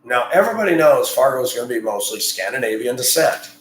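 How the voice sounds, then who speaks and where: A man's voice: mid-range voice, very animated, quick pace, a little hiss or hum. A man who drives a school bus, talking in a blunt, rambling, opinionated monologue. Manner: blunt, rambling, gets heated and loud. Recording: echoey room.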